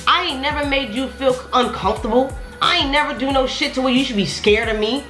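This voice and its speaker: A young woman rants through a storytime in a bright, forceful voice that keeps climbing higher as she gets heated. She swears freely and talks animatedly. The room is echoey, with faint music playing underneath. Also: fast talker, hardly any pauses. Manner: profane, animated, voice rising when heated. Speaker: vlogger telling a storytime.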